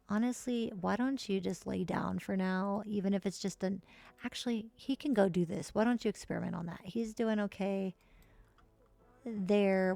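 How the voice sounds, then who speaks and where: A woman streaming live gameplay, chatting casually and cursing freely while voicing her characters in quick high asides. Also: vocal fry, mellow, dry recording. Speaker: streamer playing a life-simulation game.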